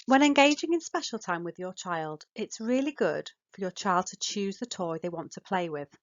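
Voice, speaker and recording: A woman calmly narrating practical guidance for parents as a speech and language therapist, in a measured, instructive way. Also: mid-range voice. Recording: dull, muffled voice-over.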